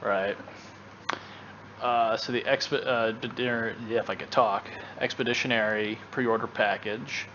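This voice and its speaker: A man's voice: lowish voice, steady tone, a little slow, sharp tone, lo-fi sound, slight background noise. A man co-hosting a gaming channel in casual chat, rambling with lots of fillers and restarts.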